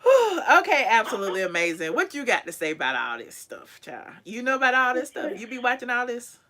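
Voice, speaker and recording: A woman hosting a casual live chat with callers, sassy and quick to laugh. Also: fairly high pitch, big pitch swings, bright, forceful tone. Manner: sassy, laughs often, drawn-out "child". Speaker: channel host.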